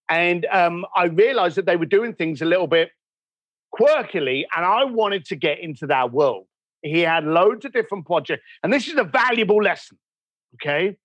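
Man, high voice, very lively pitch, dry close sound, animated storyteller, podcast guest. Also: no echo, dull audio. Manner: animated storyteller acting out quoted dialogue. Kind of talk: conversational podcast interview.

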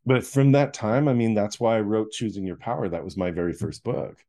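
Middle-aged man, lowish warm voice, animated storytelling guest. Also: fairly quick. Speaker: guest, author. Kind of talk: storytelling in a podcast interview.

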